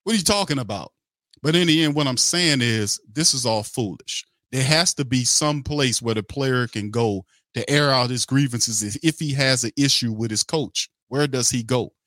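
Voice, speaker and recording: A man's voice: medium pitch, moderate pace, fairly bright tone, dry recording. A middle-aged man hosting a sports podcast, ranting bluntly and heatedly, swearing and repeating himself. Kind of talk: opinionated sports talk.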